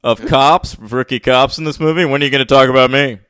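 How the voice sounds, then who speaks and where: A man putting on a mock-serious, deep "grown man" voice as a joke impression of an actor. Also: steady tone, fairly quick, fairly bright tone, clear, resonant tone, no echo, clean studio sound, lightly acted.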